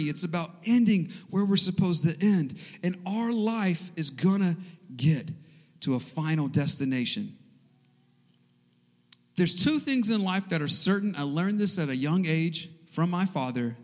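Animated high-voiced male preacher. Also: unhurried. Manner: animated, conversational storyteller. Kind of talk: sermon with personal storytelling. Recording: echoey hall.

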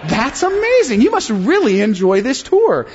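A man voicing a friendly, clueless male tour visitor who sounds excited and upbeat, as part of a sermon story. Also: extremely high pitch, moderate pace, a little hiss or hum, voice pushed up, exaggerated voice. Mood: eager. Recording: long hall reverb, slightly dull sound.

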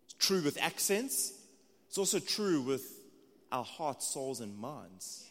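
A man's voice: mid-range voice, very animated, takes it slowly, a bit bright. A man in his thirties with a South African accent, preaching a sermon in a conversational, earnest way. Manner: conversational, earnest, with restarts and asides. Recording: long reverb of a large hall.

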